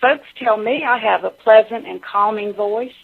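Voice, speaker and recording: A woman's voice: on the high side, normal speed, gravelly, breathy edge. A woman with a Southern US accent, a guest speaking in a folksy, homespun way full of regional sayings. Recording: phone-line audio.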